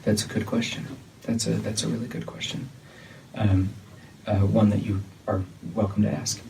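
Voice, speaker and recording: A man leading a church disciplinary meeting, talking in a measured, insistent way that often repeats itself. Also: fairly low pitch, little pitch movement, creaky, mellow. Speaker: church leader. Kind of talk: tense meeting conversation. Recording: distant mic with faint noise.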